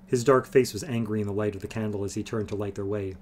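Steady man reading a fantasy novel. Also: fairly low pitch, quick pace, few pauses, slight background noise. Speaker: reader. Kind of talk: audiobook reading on a livestream.

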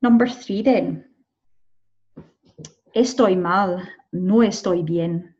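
A woman's voice: lowish voice, takes it slowly, pauses often, a little mellow, breathy edge, muffled recording. A woman teaching a beginners' Spanish lesson, often checking in with the learner. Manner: encouraging, checks in with "okay?" and "right?". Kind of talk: online language lesson.

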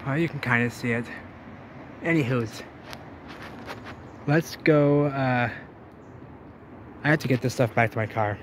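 A man exploring ruins outdoors, rambling and thinking aloud to his camera and getting excited as he finds things. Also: mid-range voice, measured pace, pauses often. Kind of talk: casual exploring vlog. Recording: noisy outdoor camera audio.

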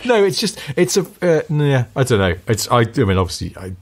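A man's voice: medium pitch, big pitch swings, brisk. A man from northwest England co-hosting a podcast, chatting casually with joking, teasing banter. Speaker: podcast co-host. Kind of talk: casual chat.

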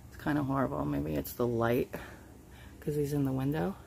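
A woman's voice: sits low, fairly even intonation, normal speed, vocal fry, darkish tone, a little hiss or hum. A woman filming a casual vlog at home on a handheld camera, chatting to viewers and cooing to her pet. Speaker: reptile keeper vlogger. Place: home bedroom.

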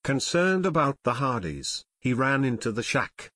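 Steady male audiobook narrator. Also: mid-range voice, measured pace. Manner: steady storytelling. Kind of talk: scripted narration.

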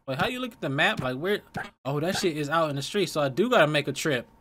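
A man's voice: a little high, expressive, quick pace, a bit bright. A man giving casual, crude, joking gameplay commentary full of slang. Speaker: gaming youtuber. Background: game music.

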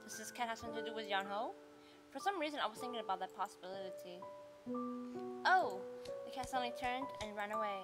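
Casting: woman reading a visual novel aloud, expressive, loud game music behind. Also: a little high, fast talker. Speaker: game player reading the heroine.

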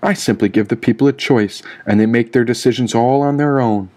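A man reading the part of a cold, persuasive masked villain who lectures calmly in an audiobook. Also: mid-range voice, fairly quick, close to an everyday voice. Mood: smooth, lecturing. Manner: calm, smooth, lecturing. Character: cold persuasive male villain in a golden mask.

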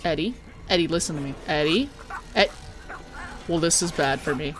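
A woman's voice: sits low, lively intonation, moderate pace, fairly bright tone. Joking, swearing woman streamer. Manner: jokey, swears a lot, mock-dramatic wailing. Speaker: streamer playing a horror game. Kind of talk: casual game-stream chat.

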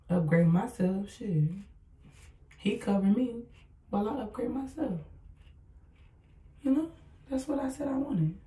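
A woman's voice: mid-range voice, warm tone. A woman hosting a podcast, talking bluntly in a casual motivational monologue, repeating her points and swearing freely. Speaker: podcast host. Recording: echoey room, voice far from mic.

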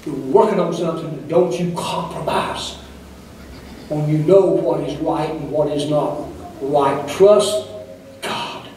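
A man's voice: fairly high pitch, unhurried, mellow, a little hiss or hum. An older male pastor preaching a sermon in a church, with rhythmic, fiery delivery and repeated calls to the congregation. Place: church sanctuary. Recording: echoey distant room recording.

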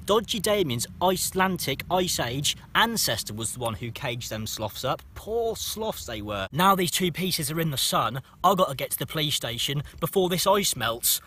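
A man, co-host of a metal detecting vlog, telling mock-excited silly stories out in a field. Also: on the high side, moderate pace, hardly any pauses, slight background noise. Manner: lively mock-excited storytelling. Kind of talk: jokey banter. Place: open field outdoors.

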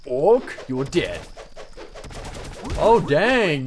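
A man talking over his own gameplay, heckling the monsters he fights with a voice that leaps up and down. He sits a little high for a man, and loud game combat and gunfire sit clearly under his voice. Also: unhurried, pauses often, noisy background. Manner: excitable, taunting enemies aloud. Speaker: gaming channel host. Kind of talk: let's play commentary.

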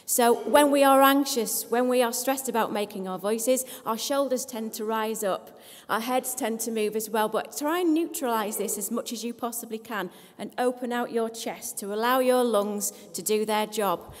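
A woman speech therapist talks a seated audience through posture, breath and sound exercises. She is brisk and encouraging, with a touch of self-deprecating humour. Her fairly high voice rings out in a hall with a long reverb. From England. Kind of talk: live workshop talk leading an audience in voice exercises.

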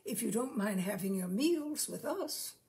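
A woman's voice: medium pitch, lively intonation, measured pace, darkish tone. A woman voicing a prim, guarded middle-aged village mother.

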